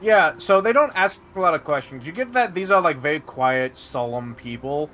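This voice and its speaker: A man running a tabletop game as game master, explaining in a halting way full of fillers and restarts. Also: a little high, expressive, pushed and bright.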